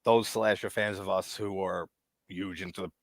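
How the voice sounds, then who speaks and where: A man with a low voice hosts a live-stream interview. He asks long, rambling questions full of fillers, like an eager fan. His voice sounds dry and close, with no room behind it. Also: fairly even intonation, moderate pace, no echo. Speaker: host.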